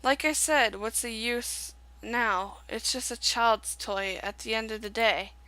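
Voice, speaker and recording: A woman's voice: on the high side, a little slow, bright, forceful tone, dry recording, low-quality recording. A woman reading the lines of a bitter, jealous young man from a game, in her own voice. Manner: reading game dialogue aloud.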